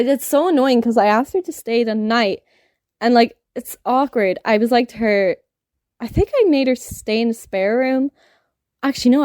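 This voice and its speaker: A woman's voice: on the high side, darkish tone, dry recording. A young woman, hosting a podcast and telling a story in a casual, sweary, laughing way. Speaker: podcast host.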